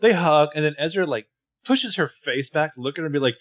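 A man co-hosting a podcast, recapping a TV episode with jokey, animated commentary. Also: fairly high pitch, brisk. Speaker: podcast co-host. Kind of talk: casual chat.

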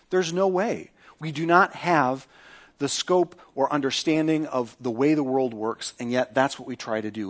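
A middle-aged male pastor preaching a sermon, asking the congregation rhetorical questions and dropping to a softer voice to pray. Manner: acts out quoted speech with lifted pitch; prays in a softer, lower voice.

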